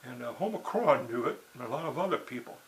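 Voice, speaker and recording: A man's voice: mid-range voice, animated, fast, rough recording. A man talking in a rambling, digressive monologue, full of "you know" and "see" and restarts. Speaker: writer and blogger.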